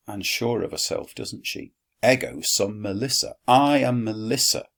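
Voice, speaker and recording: Slow, gravelly-voiced male Latin teacher. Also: low voice, bright, forceful tone. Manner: dry wry asides, slow deliberate explanation. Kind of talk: recorded classroom lesson.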